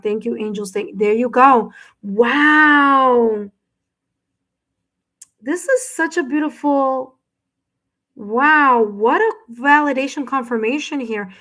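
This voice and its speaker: A woman's voice: high voice, fairly bright tone. A woman giving a live-streamed tarot reading, effusive, exclaiming and thanking viewers by name. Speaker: tarot reader.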